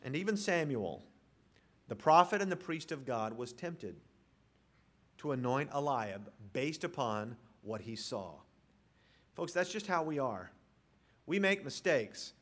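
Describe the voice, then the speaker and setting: A man's voice: medium pitch, big pitch swings, measured pace, pauses often, a bit bright. A man preaching an expository sermon, reading scripture aloud and speaking directly to his congregation. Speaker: pastor.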